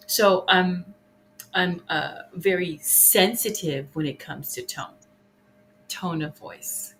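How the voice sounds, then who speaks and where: A woman in casual podcast conversation, reflective and quick to laugh, speaking in short halting bursts. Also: on the low side, fairly even intonation, a bit bright, a little hiss or hum, rough recording.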